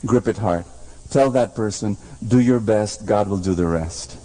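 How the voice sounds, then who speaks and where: A man's voice: unhurried, a little hiss or hum, low-quality recording. Impassioned male preacher, dramatic swings. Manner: dramatic swings between loud high calls and low quiet lines; repeats phrases, has the crowd say lines back. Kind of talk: sermon. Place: church.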